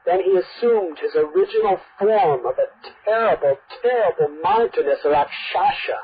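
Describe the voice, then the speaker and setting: A woman's voice: lowish voice, animated, normal speed. A woman telling a devotional story in a vivid, emphatic way. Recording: dull lo-fi recording.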